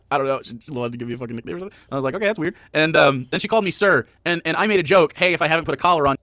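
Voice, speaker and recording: A man in a debate talking rapidly, with lots of fillers and some swearing. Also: a little high, pushed and bright, no echo. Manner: rapid, filler-heavy, profane. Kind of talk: debate talk.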